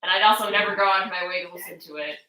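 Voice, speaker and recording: Bright-voiced woman streamer, echoey room. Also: on the low side, very fast. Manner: blunt, opinionated, swears and laughs easily. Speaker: streamer playing a game. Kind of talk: casual gameplay chat.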